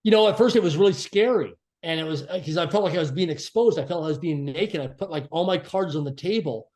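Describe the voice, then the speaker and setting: A man as a podcast guest, telling a personal story in an earnest, reflective way and slowing down to stress key phrases. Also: fairly high pitch, a little mellow. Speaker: podcast guest, author and speaker.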